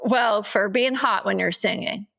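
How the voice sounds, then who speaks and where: A woman co-hosts a casual podcast, talking candidly at a middle pitch. Her voice carries a noticeable gravelly fry. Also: unhurried, a bit bright. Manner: candid, teasing then earnest. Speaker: podcast co-host. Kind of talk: casual chat.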